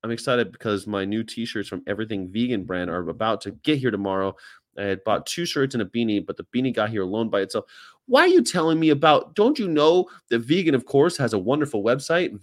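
American man, casual livestream host, rambling, jokey, mid-pitched voice. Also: expressive, a little fast. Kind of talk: casual livestream chat, reading viewer comments.

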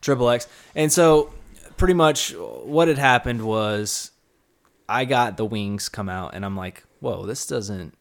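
A man hosting a casual podcast, telling a story and acting out his own reactions in an animated way. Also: mid-range voice, measured pace. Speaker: podcast host. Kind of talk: casual chat.

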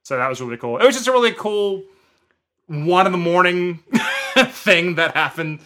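Bright-voiced man telling a rambling story. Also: sits high, moderate pace. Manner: rambling, animated, filler-heavy, laughs often. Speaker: podcast co-host. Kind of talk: casual storytelling chat.

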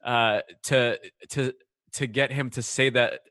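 A man's voice: medium pitch, fairly even intonation, takes it slowly, fairly bright tone, dry recording, clean studio sound. A man hosting a podcast, talking casually and rambling with many restarts and fillers. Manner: rambling, full of restarts and "you know". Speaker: podcast host.

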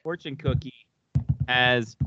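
A man's voice: medium pitch, slow, pushed and bright, lo-fi sound, soft background music. A man hosting a casual podcast chat, joking around and swearing freely. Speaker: podcast host.

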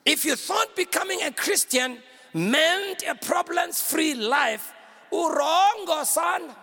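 A male pastor preaches with fire, shouting lines and pulling call-and-response from the crowd. His voice sits very high with a sharp, forceful edge. It is recorded with the long echo of a big hall. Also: lively intonation, takes it slowly, vocal fry. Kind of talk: sermon.

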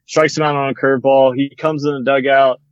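A young man, a former bat boy, telling a story in casual chat, with lots of fillers and a relaxed manner. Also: medium pitch, brisk, no room sound, dull audio. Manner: relaxed, rambling, many fillers like "like" and "you know".

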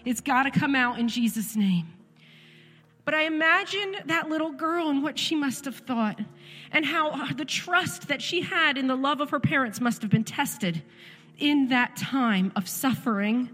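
A woman's voice: high-pitched, unhurried, a bit bright. A woman in her thirties leading church worship, telling a story with earnest, emphatic repetition. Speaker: worship leader. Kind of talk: church devotional talk. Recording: reverberant church hall with music.

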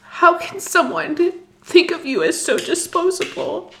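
A young woman telling an emotional personal story, halting and distressed, full of fillers and restarts. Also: very high-pitched, big pitch swings, vocal fry, a bit bright, slight background noise. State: distressed, near tears.

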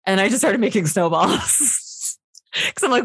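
A woman co-hosting a podcast, telling everyday stories in a lively, giggly way. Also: mid-range voice, measured pace, pauses often, breathy edge. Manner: animated, giggly storyteller. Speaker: podcast co-host. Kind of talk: casual storytelling chat.

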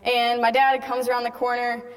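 A woman's voice: fairly high pitch, completely flat delivery, moderate pace. A teenage girl giving a chatty personal testimony talk to a live audience and acting out bits of dialogue as she tells her story. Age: teens. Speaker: speaker giving a faith testimony. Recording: long hall reverb.

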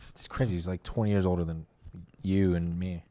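A man's voice: low-pitched, fairly even intonation, fairly quick, warm tone, dry recording. A young man in his twenties, a stand-up comedian co-hosting a podcast, bantering crudely and often dropping close to a whisper into the mic. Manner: drops to a near whisper into the mic. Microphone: close studio mic.

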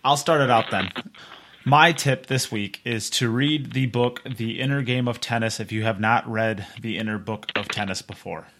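A man's voice: medium pitch, normal speed, a bit bright. Man with dry, teasing remarks. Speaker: podcast co-host. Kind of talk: casual chat.

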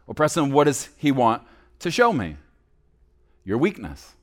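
A man preaching a sermon as a pastor, swinging between loud emphasis and hushed low asides. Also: huge pitch swings, unhurried.

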